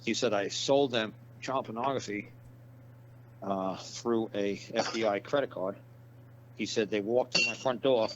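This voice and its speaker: A man with a fairly low voice tells a long story in a rambling, profane way, acting out what the people he quotes said. The audio is dull and lo-fi, with a faint hum under it. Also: a little slow. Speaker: interview guest. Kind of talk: casual storytelling interview.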